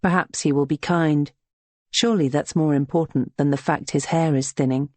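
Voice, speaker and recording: A narrator reads a historical novel aloud in a steady, even storytelling manner. The voice sits at a middle pitch. The recording is dry and close. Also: normal speed, no room sound. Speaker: audiobook narrator. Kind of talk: scripted narration.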